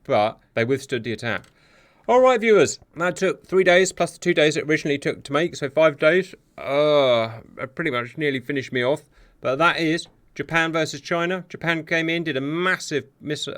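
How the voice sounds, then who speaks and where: A man commentating on a simulated air and sea battle, excitable and sarcastic, talking straight to his viewers. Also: mid-range voice. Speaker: war game commentator. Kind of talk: live gameplay commentary. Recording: steady hiss behind the voice.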